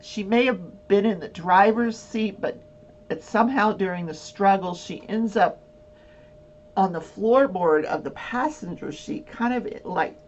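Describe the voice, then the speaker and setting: At a measured pace and medium pitch, the woman hosting this relaxed talk show works through a lengthy story, sprinkled with fillers and regular laughter, recorded in dull lo-fi with a faint hum.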